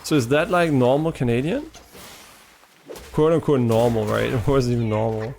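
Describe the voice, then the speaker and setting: Slight background noise accompanies a man live-streaming a game, his mid-range voice steady, darkish and moderately paced. He chats with viewers in a casual, chatty, rambling way and swears from time to time.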